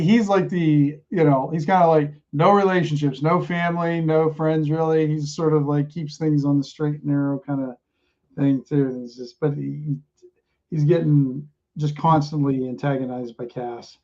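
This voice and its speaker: Game master, male, slightly high voice, easygoing halting narration, muffled lo-fi audio. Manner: relaxed, halting narration with fillers. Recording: dull lo-fi sound.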